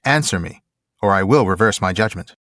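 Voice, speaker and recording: A man's voice: low voice, animated, fairly bright tone, dry recording, clean studio sound. Stern captain, read aloud by a man. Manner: measured, formal reading. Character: stern male captain, commanding and judging. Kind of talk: reading aloud from a novel.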